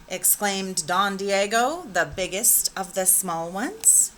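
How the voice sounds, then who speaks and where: A woman teacher reading a picture book aloud with expressive, animated storytelling. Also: medium pitch, slow pace, a little hiss or hum.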